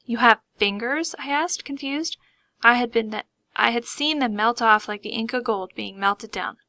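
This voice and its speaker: A woman reading a first-person story aloud in a lively, expressive comic manner. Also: on the high side, moderate pace, dry recording. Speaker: audiobook reader.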